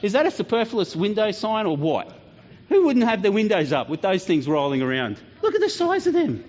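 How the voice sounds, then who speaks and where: A man's voice: high voice, huge pitch swings, darkish tone. Playful man talking to kids. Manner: playful, joking, quick questions to the kids. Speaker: children's pastor. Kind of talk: lively children's talk in church. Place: church hall. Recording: dull lo-fi church sound.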